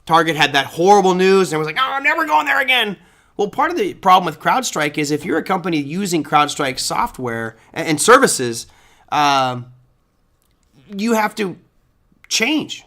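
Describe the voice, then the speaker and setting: A man's voice: on the high side, lively intonation, normal speed, fairly bright tone. A man hosting a live trading show, casually talking through charts and answering viewer chat. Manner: casual, chatty, thinks aloud with fillers. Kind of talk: live market commentary, reading viewer chat.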